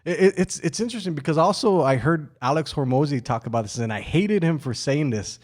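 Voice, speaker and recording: A man's voice: a little high, animated, brisk, darkish tone. Reflective man in his forties hosting a podcast. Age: 40s. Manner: reflective, restarts words, swears casually. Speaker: podcast host. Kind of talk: casual podcast chat. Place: podcast studio.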